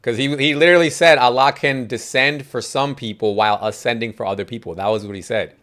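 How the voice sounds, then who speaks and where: A man hosting a casual podcast chat, excitable, exclaiming and laughing often. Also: medium pitch, quick pace. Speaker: podcast host. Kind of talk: casual group chat on a call.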